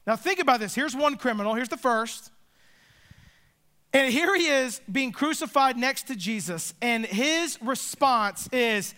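A man preaching a sermon as pastor, earnest and emphatic, with dramatic pauses. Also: very high-pitched, pushed and bright, smooth.

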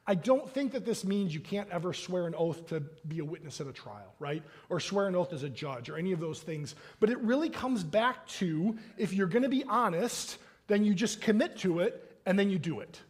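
A man's voice: high-pitched, expressive, a little fast, hardly any pauses, slightly rough. A man preaching a sermon as pastor, in a casual conversational manner, often checking in with "right?". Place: church sanctuary.

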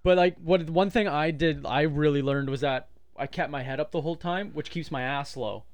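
A man's voice: a little high, normal speed, no echo. A man, a fellow powerlifter, chatting casually and agreeing eagerly. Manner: eager agreeing, frequent "yeah yeah". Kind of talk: casual chat.

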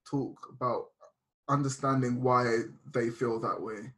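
A man's voice: medium pitch, fairly even intonation, a little slow, fairly bright tone. A young man guesting on a podcast, talking openly and reflectively about arguments with his girlfriend, with many restarts. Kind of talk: casual podcast chat.

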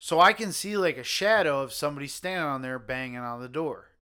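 A man telling a story among friends in casual podcast chat, animated and swearing, getting loud at the tense parts. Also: a little high, brisk, clear, resonant tone. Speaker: podcast co-host.

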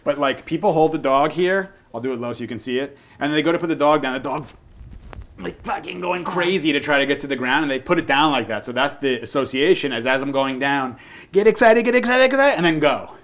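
A young adult man who trains dogs talks casually and swears freely while demonstrating, then drops to a soft murmur to calm the dog. His voice is mid-range and fairly quick.

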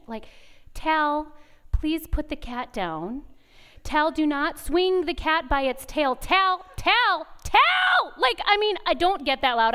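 High, clear-voiced woman giving a chapel talk. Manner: animated storytelling, acts out dialogue; laughs often, candid and confessional. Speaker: women's retreat speaker. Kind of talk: conversational devotional talk. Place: chapel at a retreat.

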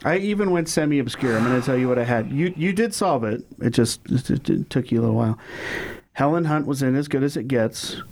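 A man's voice: mid-range voice, a little fast, darkish tone, a little hiss or hum. A man hosting a game on a comedy podcast, teasing the players in a casual chat.

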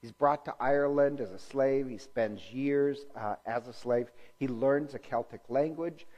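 A man's voice: mid-range voice, measured pace, a little mellow, highs cut off. Male lecturer, casual and rambling, frequent fillers and self-corrections. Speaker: speaker teaching church history.

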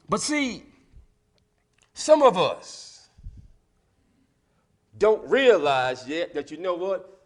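High, animated male preacher. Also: extremely slow, pauses often. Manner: dramatic swings from hushed whispers to shouted lines, call-and-response. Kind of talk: sermon. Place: church sanctuary.

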